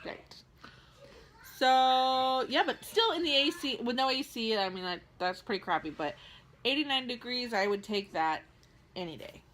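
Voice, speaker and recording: A woman's voice: on the high side, lively intonation, normal speed, fairly bright tone, a little hiss or hum. A woman co-hosting a casual home vlog, chatty and bubbly, sometimes stretching her words out. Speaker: co-host. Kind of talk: casual chat. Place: home in Texas.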